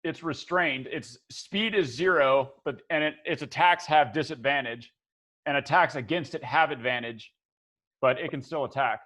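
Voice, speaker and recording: A man narrating as game master, relaxed, thinking aloud with lots of ums and uhs. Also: mid-range voice, moderate pace.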